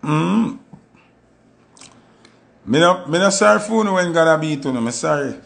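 Gravelly Jamaican man telling stories. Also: normal speed. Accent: Jamaican Patois. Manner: animated, acts out quoted voices with sudden high jumps. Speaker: commentator. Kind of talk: casual storytelling monologue.

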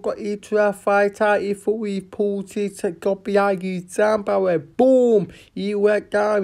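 Guy rambling slow about a fight, lots of ums and swearing, soft dark voice. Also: sits high, gravelly. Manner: rambling, profane, halting with many fillers. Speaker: boxing fan giving fight predictions. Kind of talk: casual rambling fight preview.

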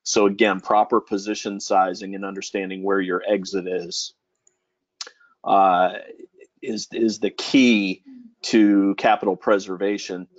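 Deep-voiced, calm man, dry lo-fi sound. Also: unhurried, dry recording. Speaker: podcast co-host. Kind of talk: casual trading podcast chat.

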